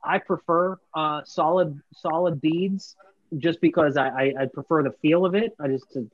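A man's voice: a little high, moderate pace, no room sound, phone-quality sound. A man talking casually as a guest bait maker, rambling with many restarts. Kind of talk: casual podcast chat.

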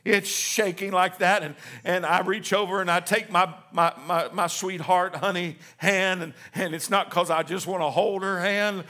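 A middle-aged male pastor preaching a sermon, reading scripture slowly and building to fervent, rising waves. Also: high voice, steady tone, sharp tone. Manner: reads scripture slowly with emphasis.

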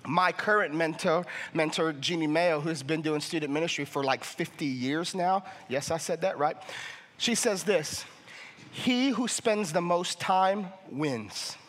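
A young male pastor preaching with fervent passion, his voice high and bright as it carries through a church auditorium's long reverb. He stumbles over repeated words and pushes toward a shout as his point builds. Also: unhurried. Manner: passionate, rising to near shouting, with many restarts. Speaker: family ministries pastor. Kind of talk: sermon.

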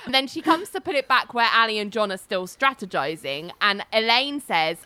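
A woman's voice: a little high, animated, normal speed, hardly any pauses, sharp tone, smooth. A woman, casually retelling a TV episode as a podcast host, acting out the characters' lines with laughs. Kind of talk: casual chat.

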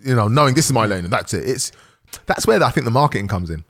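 A man's voice: mid-range voice, animated, fast talker, a bit bright. A man interviewing a guest in a casual sit-down conversation, often chiming in with agreement. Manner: frequent agreeing yeahs and laughs.

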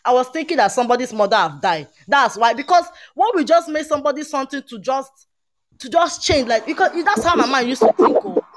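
Woman, fairly high voice, animated and emphatic, podcast chat. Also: a little fast. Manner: animated, emphatic storytelling with many asides. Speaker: podcast panelist. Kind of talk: casual chat.

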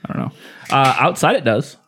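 A man's voice: mid-range voice, lively intonation, a little fast, background noise. A man hosting a beer podcast in casual chat, laid-back and rambling, swearing offhand. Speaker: podcast host.

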